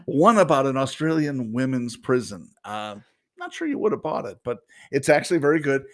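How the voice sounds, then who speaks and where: Lively, laughing male podcast co-host. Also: mid-range voice, normal speed. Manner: rambling, laughs often, teasing. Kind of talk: casual podcast chat.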